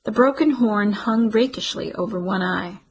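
A woman narrating a novel in steady, measured scripted narration. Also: medium pitch, husky, rough recording. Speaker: audiobook narrator.

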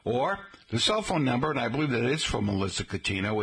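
A middle-aged man hosting a local radio show, chatting in a folksy way and slowly spelling out details for listeners. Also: medium pitch, sing-song, fairly bright tone, breathy edge. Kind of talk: casual radio talk. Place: radio studio.

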